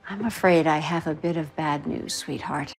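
An actress playing a gentle mother in a TV series, with a gravelly voice, softly breaking bad news. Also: sits low, moderate pace, low-quality recording. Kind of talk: TV series dialogue.

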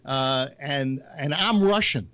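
A man's voice: mid-range voice, lively intonation, takes it slowly, bright, forceful tone, no room sound. A man on a talk show panel, arguing politics in a rambling, joking way full of fillers. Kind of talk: heated political argument.

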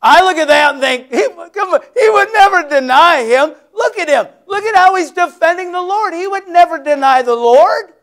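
A male pastor with an extremely high voice preaches a sermon at a moderate pace, barely pausing, his tone fairly bright and his intonation lively. He tells Bible stories dramatically, acting out scenes and adding folksy, conversational asides.

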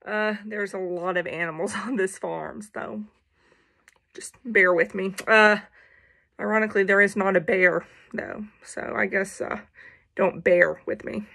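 Slow, bright-voiced woman reading aloud. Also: medium pitch, fairly even intonation, vocal fry. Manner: playful, with jokey asides and animal noises. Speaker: reader of a children's picture book. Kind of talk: casual picture-book read-aloud.

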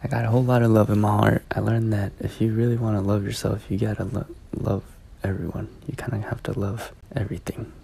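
A young man vlogging to his viewers in a casual, rambling, self-deprecating way, halting often and restarting his sentences. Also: lowish voice, level tone, vocal fry, warm tone, slight background noise. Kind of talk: casual talk to camera.

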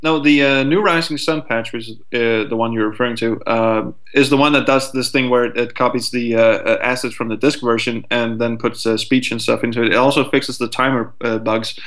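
Podcast guest dude, mid pitch voice, animated, swears a lot, acts out what players think. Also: male voice, a little fast, hardly any pauses. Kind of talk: casual podcast chat.

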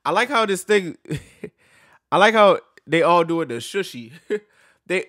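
A man reacting to an album on his video channel, talking to viewers in an excitable, stammering way, swearing freely and laughing often. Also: high voice, a little slow, faint music behind. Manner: talks to viewers while reacting to songs. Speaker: music reaction YouTuber. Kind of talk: casual album reaction vlog.

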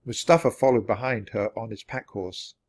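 A man reading a children's chapter book aloud at a steady, natural pace. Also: fairly low pitch, moderate pace. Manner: steady, clear read-aloud pacing. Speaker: storybook reader. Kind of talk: children's storybook narration.

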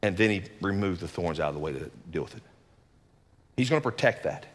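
Lively-voiced man preaching in a hall. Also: sits low, a little fast. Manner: animated, folksy preaching with joking asides. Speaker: lead pastor. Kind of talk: conversational sermon.

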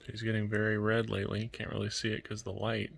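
A man talks softly to his pet birds and his viewers at home, in a relaxed and gentle way. His voice sits a little low but comes out bright and forceful. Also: quick pace, gravelly, breathy edge. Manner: gentle, soft-spoken, cooing to birds. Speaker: vlogger, toucan keeper. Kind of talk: casual vlog talk to pets and viewers.

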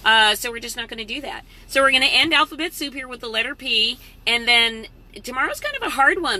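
A woman's voice: sits high, expressive, fast talker, sharp tone. A middle-aged woman hosting a casual live-stream from her parked truck, chatty and motivational. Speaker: vlog host. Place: parked truck at a rest area.

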